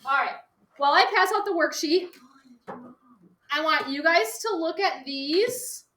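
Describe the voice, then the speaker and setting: A woman teaching a geometry lesson to a class, upbeat and quick to laugh with her students. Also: very high voice, lively intonation, sharp tone. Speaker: math teacher. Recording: echoey classroom, faint noise.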